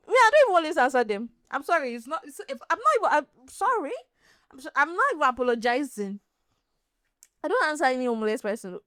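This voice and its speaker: A Nigerian woman hosting a podcast, chatting casually as an animated, laughing storyteller. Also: high-pitched, fast talker, no room sound, studio quality. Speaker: podcast host. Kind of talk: casual chat.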